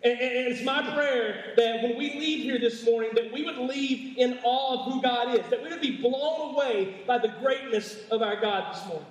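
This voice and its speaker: A man's voice: very high voice, moderate pace, few pauses. A man preaching a sermon to his congregation, with emphatic repetition and frequent stammering restarts. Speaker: pastor. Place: church sanctuary. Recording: echoey church hall, mic far off.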